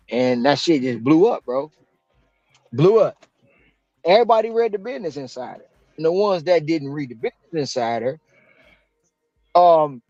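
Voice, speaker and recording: Delivery driver guy telling a story, slangy, kinda high voice, does everybody's lines with big pitch jumps, dull dry lo-fi audio. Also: darkish tone, no room sound. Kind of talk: casual storytelling.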